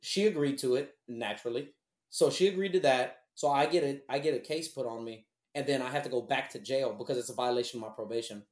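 This man from Houston, Texas talks quickly in a slightly mellow, mid-range voice. He tells a long personal story casually, bluntly and profanely, wandering as he goes, in a room with echo.

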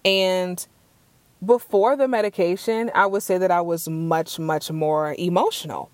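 Young woman, podcast host, casual solo chat, earnest, low voice, dry close mic. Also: steady tone, unhurried, darkish tone, no room sound. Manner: earnest and chatty, repeats words when searching.

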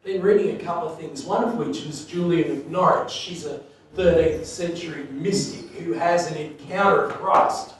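A man preaching in a big echoing hall, his voice sitting high for a man and heard from a distance off the mic. He tells his story animatedly, laughing often and dropping to a hush for the tender parts. A faint ambient hum lies underneath. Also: normal speed. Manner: animated, laughing storyteller who swings from loud to hushed. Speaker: pastor. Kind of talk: sermon storytelling.

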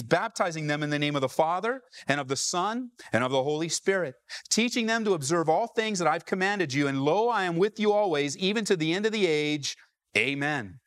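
A man preaches a sermon to his congregation, his voice sitting fairly high for a man. He keeps turning to the people with questions and pressing each point home. The sound is dry and close, with little room echo. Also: fairly bright tone. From Southern California. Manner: preaching with rising calls to the congregation. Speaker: pastor. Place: church.

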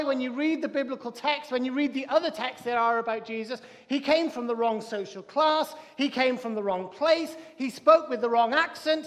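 High-voiced male pastor in a reverberant hall. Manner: lively, animated preaching with a joke and repeated restarts. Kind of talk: sermon. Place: church hall.

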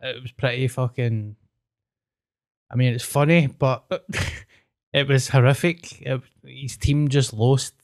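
A young Scottish man chats casually and tells stories, dropping in the odd swear word. His voice sits at a middle pitch, and his delivery is loose and conversational. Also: fairly even intonation, slow. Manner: chatty, storytelling, sweary. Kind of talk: casual chat.

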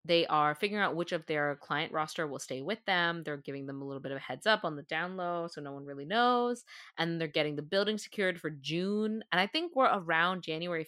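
A woman co-hosts a relaxed chat podcast, reasoning out loud and circling back with frequent fillers. Her voice sits a bit low yet sounds bright and forward. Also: brisk, dry recording, studio quality. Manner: chatty, thinks aloud with many fillers. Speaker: podcast co-host. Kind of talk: casual chat.

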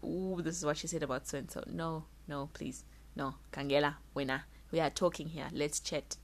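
A young woman vlogging candidly, telling an emotional personal story in quick, animated bursts. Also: fairly low pitch. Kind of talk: casual vlog monologue.

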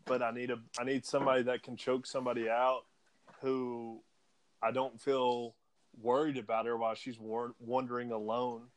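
A man's voice: mid-range voice, little pitch movement, moderate pace. A man co-hosting a casual podcast, joking and teasing with frequent laughs. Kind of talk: casual chat.

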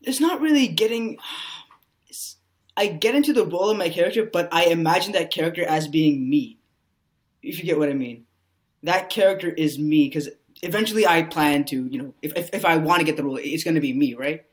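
A man's voice: fairly high pitch, a little fast. Man guest rambling with many fillers. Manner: rambling, heavy use of "you know" fillers. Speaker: actor guest. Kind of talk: casual podcast interview.

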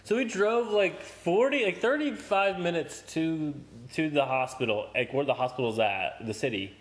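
A young man with a slightly high, expressive voice tells a story casually in a podcast chat at a moderate pace. He swears a lot, laughs, and acts out quotes.

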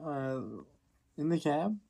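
A woman co-hosting a podcast, cracking jokes and teasing with quick interruptions. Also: low voice, very animated, gravelly, warm tone. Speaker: podcast co-host. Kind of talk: casual chat.

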